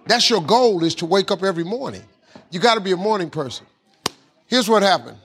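A man telling a motivational personal story in a lively, folksy way, with casual grammar. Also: high voice, a little fast, husky. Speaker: guest speaker.

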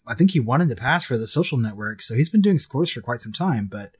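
A man co-hosting a podcast in casual chat, telling stories with lively acted-out quotes and frequent laughter. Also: mid-range voice, fast talker, husky. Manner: animated storyteller, acts out quotes, laughs often. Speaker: podcast co-host.

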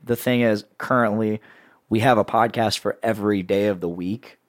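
A man hosting a casual podcast, rambling through plugs with a playful sales-pitch delivery. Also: fairly even intonation, moderate pace, no echo, studio quality. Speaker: podcast host and network editor. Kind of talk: casual podcast chat with co-hosts.

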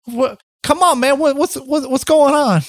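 A man's voice: extremely high pitch, dry recording, clean studio sound, pitched above the performer's own voice. A man voicing a frantic, angry young man on the phone, stammering and firing off questions. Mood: frantic, exasperated. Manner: shouting, stammering, rapid-fire questions.

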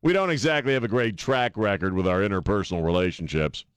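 A male talk radio host with a low-pitched voice and a blunt, irreverent, joking way of talking. He takes calls and riffs on the news. The sound is close and dry, with no room in it. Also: lively intonation, fast talker, hardly any pauses, smooth, no room sound. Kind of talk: talk radio monologue and call-in.

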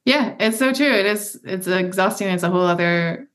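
A woman's voice: mid-range voice, normal speed, a bit bright. A woman in her thirties, a podcast guest talking in a casual, emphatic, encouraging way and swearing freely. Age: 30s. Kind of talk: casual interview chat.

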